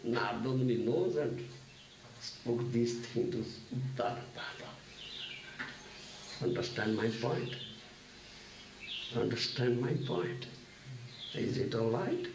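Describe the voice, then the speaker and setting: A man's voice: medium pitch, expressive, takes it slowly, long pauses. A man giving a sermon lecture as a spiritual teacher, often checking his listeners with a questioning "huh?". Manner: keeps asking listeners "huh?". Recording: echoey hall, distant mic, faint hiss.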